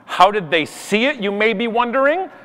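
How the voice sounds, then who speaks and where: Canadian male speaker, comic storyteller on a conference stage, high and lively, self-mocking. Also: normal speed. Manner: animated, self-mocking, mimics people in the story. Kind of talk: comedic keynote storytelling. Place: conference stage before a live audience.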